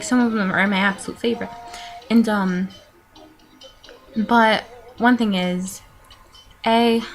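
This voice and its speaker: A nineteen-year-old woman chatting to her followers in a loose, rambling vlog, her speech full of ums, sighs and small laughs. Her voice sits at an ordinary middle pitch, with faint music playing in the background. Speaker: vlogger answering follower questions.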